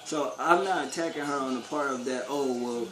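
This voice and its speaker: A man's voice: medium pitch, normal speed, fairly bright tone, a little hiss or hum. A man vlogging a casual opinion rant, blunt and profane, full of street slang and rhetorical questions. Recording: echoey room with faint ambience.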